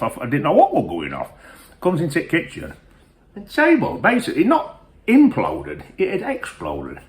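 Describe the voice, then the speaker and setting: A man's voice: a little high, fairly bright tone. Boisterous man, swearing constantly. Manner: peppers every phrase with mild swearing, rambling and boisterous. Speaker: whisky reviewer. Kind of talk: comic storytelling review.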